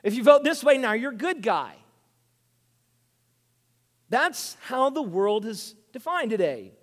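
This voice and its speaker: A man preaching a sermon, swinging from hushed asides to loud, emphatic lines. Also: very high-pitched, sing-song, measured pace. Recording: reverberant hall.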